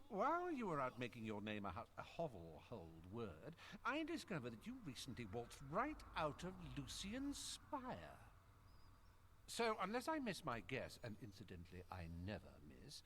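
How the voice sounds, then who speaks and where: An actor voicing a vain, flamboyant, scheming pirate lord in a video game, drawling and sly. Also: male voice, on the high side, huge pitch swings, moderate pace, fairly bright tone, a little hiss or hum. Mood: smug.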